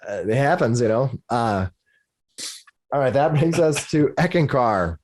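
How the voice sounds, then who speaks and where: A man in the middle register runs a tabletop game as its dungeon master. He narrates with energy, lingering on the monsters' attacks. He sounds lively and engaged. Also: medium pitch, a little slow. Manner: animated, narrates the monsters' actions with relish.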